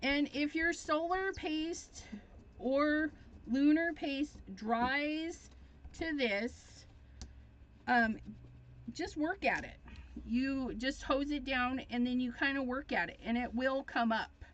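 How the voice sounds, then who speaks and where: Chatty woman demonstrating crafts, unhurried. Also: sits high, muffled recording. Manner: chatty, easily excited, thinks aloud. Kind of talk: live crafting tutorial chat.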